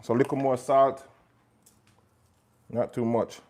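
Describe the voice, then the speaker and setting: A man's voice: medium pitch, level tone, unhurried, darkish tone. A man with a Jamaican accent hosting a live cooking stream, chatting and joking with his viewers as he cooks. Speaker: chef hosting a livestream. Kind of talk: casual live cooking chat.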